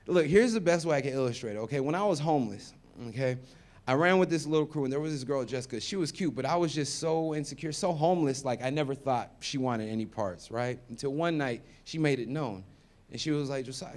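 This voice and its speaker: A man in his thirties doing a stand-up comedy set. He tells stories and acts out the other people in them, swinging between loud and soft. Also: a little high. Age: 30s.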